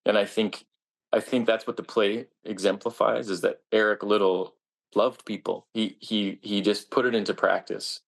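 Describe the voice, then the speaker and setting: A man's voice: on the low side, fairly even intonation, normal speed, gravelly. A man, a stage actor, answering interview questions in an earnest, reflective way with frequent restarts.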